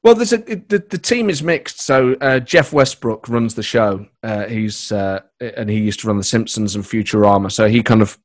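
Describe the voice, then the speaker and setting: A man's voice: on the low side, no echo, clean studio sound. A man, a comedy writer and voice performer, chatting casually in an interview from his spare room, rambling and breaking into his own sentences. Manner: rambling, self-interrupting, with quick bursts of put-on voices. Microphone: microphone on a laptop.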